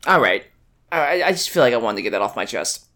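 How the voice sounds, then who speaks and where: A man's voice: mid-range voice, sing-song, fast, bright, forceful tone. A man casually talking over a TV show as a podcast co-host, hesitant, with many "uh"s and tag questions. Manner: hesitant, lots of uh and right?. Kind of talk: casual TV recap chat.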